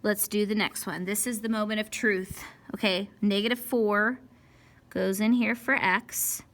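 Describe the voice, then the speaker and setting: A woman's voice: mid-range voice, fairly even intonation, a little slow, a bit bright, a little hiss or hum. A woman teaching a math lesson step by step, who scolds herself over mistakes, talks to the equations, and sighs and whispers when frustrated. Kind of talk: recorded math lesson walkthrough.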